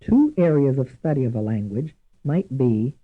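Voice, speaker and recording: A man giving scripted instructional narration for a language course, measured and deliberate, repeating each example word twice. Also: medium pitch, animated. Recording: tinny lo-fi archival course audio.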